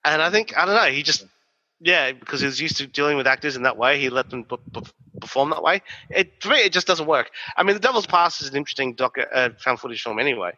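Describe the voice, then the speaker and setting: A man rattles on in casual podcast chat, cursing freely as he tells his stories. His voice is on the higher side and strikingly sharp and forceful. The recording sounds dull and has a long reverb tail. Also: fast. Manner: animated, profane storytelling. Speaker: podcast co-host.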